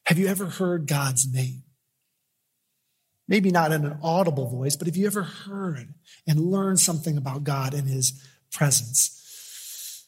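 Male pastor, sermon, emphatic then hushed, long church-hall reverb. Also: on the high side, a little slow, long pauses. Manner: swings from loud emphatic preaching to quiet intimate storytelling.

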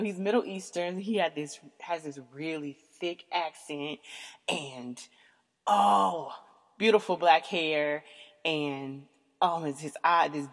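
A woman hosting a podcast, telling a candid story in an animated, emphatic way, swearing freely and calling out to her listeners. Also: fairly low pitch, big-room sound. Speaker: podcast host.

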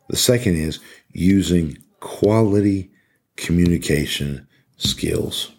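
Earnest deep-voiced man with husky tone. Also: a little mellow. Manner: earnest, emphatic, repeats key phrases. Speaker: podcast host speaking to corrections officers. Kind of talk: motivational talk.

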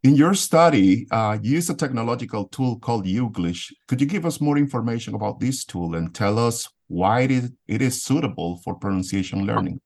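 A man hosting a podcast, formally introducing his guests and asking measured interview questions. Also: mid-range voice, lively intonation, darkish tone. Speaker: podcast host.

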